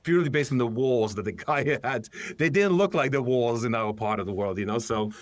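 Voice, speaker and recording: A man with a mid-range voice talks as a guest on a podcast, easygoing and conversational. He pauses now and then to find his words, and the recording is dry with no room sound. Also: mid-range voice, dry recording. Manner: relaxed, searching for words, a few restarts. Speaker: company founder, podcast guest. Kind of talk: casual interview conversation.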